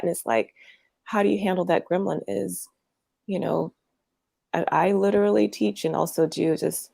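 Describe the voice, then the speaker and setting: A woman interview guest who teaches workshops, talking gently in a meandering way with lots of fillers and restarts. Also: fairly low pitch, steady tone, moderate pace, vocal fry, no room sound. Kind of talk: conversational interview.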